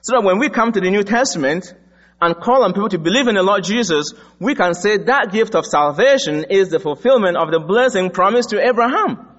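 A man from Africa delivers a sermon, moving between personal stories and firm, emphatic teaching. His voice sits a little high for a man. The recording is dull, with the long echo of a large hall. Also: expressive, brisk, fairly bright tone. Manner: storytelling, emphatic. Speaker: preacher.

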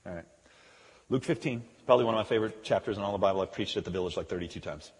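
A man preaching a sermon as pastor, emphatic, moving from loud declarations to quiet conversational asides. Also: on the low side, racing. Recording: long hall reverb.

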